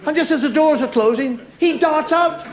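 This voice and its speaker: With a crowd audible in the background, a middle-aged stand-up comic in a TV studio rants about everyday annoyances, doing mimicked voices and car horn sound effects for the live audience. His voice is very high and his speed normal, and the live show audio includes audience noise.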